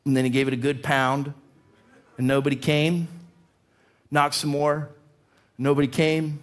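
A man preaching a sermon as a pastor, telling a personal story in an animated way, his voice climbing as the tale builds. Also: on the high side, measured pace. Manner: animated storyteller, voice rising with excitement. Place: church.

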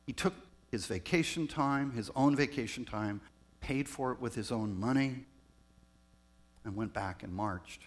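A man, a pastor raised in Southern California, telling personal stories in a reflective sermon with pauses. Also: mid-range voice. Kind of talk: storytelling sermon.

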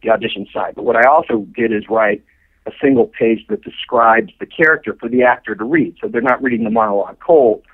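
Creaky middle-aged man on a phone line. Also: mid-range voice, brisk. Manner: animated anecdote-telling with fillers. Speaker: guest, show co-creator. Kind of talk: podcast interview storytelling.

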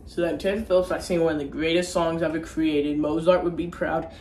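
A man's voice: on the high side, flat delivery, brisk, darkish tone. A young man giving a casual, jokey, slang-heavy movie recap at home, rambling and dropping into silly voices. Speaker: movie reviewer. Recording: echoey room with faint noise.

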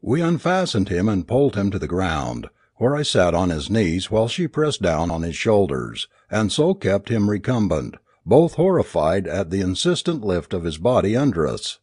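Husky low-voiced man reading dramatically. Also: very animated, normal speed, few pauses, darkish tone, dry recording, studio quality. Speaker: audiobook narrator. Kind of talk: scripted first-person story narration.

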